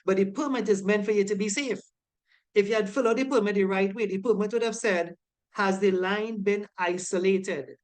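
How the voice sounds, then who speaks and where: A woman's voice: mid-range voice, fast, darkish tone. A woman teaching a safety course, emphatic and checking often that her students follow. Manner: emphatic, keeps asking "right?" to check understanding. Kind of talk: online lecture going over quiz answers.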